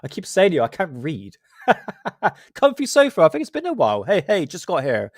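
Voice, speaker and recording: A man's voice: a little high, wildly swooping pitch, normal speed, no room sound, clean studio sound. A man with a West Country English accent hosting a livestream, chatting casually in joking, sweary, self-mocking banter. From Southwest England. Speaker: livestream host.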